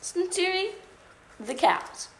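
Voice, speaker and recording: A woman reading a children's picture book aloud on a storytime livestream, expressive and playful. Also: very high-pitched, slow, gravelly. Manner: expressive read-aloud with funny animal sounds and asides. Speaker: storytime reader. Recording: echoey room, faint background noise.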